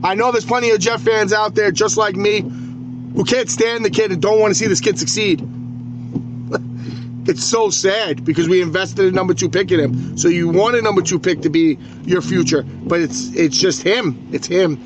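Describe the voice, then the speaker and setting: High-pitched, profane New sports ranter. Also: male voice, normal speed. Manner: profane, agitated ranting with stammered restarts. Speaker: podcast host. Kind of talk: solo sports rant. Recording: noisy background ambience.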